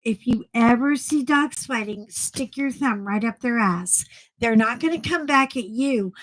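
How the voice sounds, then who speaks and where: A woman's voice: a little high, measured pace, rough recording. A middle-aged woman hosting a casual live chat with viewers, blunt and chatty, often laughing as she talks. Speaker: livestream host.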